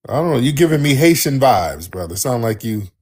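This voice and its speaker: A man's voice: mid-range voice, brisk, slightly rough. A man hosting a call-in talk show, talking emphatically and repeating himself as he answers callers. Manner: emphatic, repetitive, animated on-air chatter. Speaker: radio show host taking callers.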